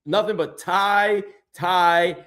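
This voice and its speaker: Male podcast host, casual and hyped, slangy, a bit higher-pitched than most. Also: takes it slowly. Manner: excitable, slangy, says "bro" a lot. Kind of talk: casual chat.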